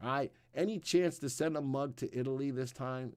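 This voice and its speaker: Male host, chatty stock talk, rambling with fillers, dry close sound, middle pitch. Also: moderate pace, smooth, no room sound. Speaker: livestream host. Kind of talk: casual market commentary.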